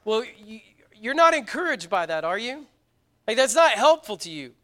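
A man's voice: extremely high pitch, sing-song, moderate pace, sharp tone. A man preaching a sermon to a congregation, earnest and emphatic, often repeating words for stress. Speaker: pastor.

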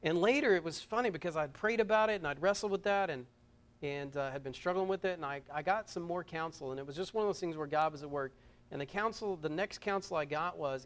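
Guy preaching at church, kinda high voice, gets loud then drops real quiet, repeats his words a lot. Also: quick pace, smooth. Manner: earnest, repeats words, swings from loud urgency to hushed close. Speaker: pastor. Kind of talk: sermon. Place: church service.

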